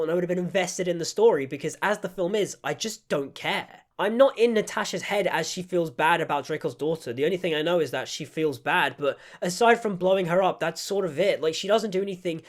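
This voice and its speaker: A man's voice: high voice, quick pace, few pauses. A young man giving a casual, critical film review, peppering his talk with "like". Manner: critical, frequent "like" fillers. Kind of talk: casual opinion vlog.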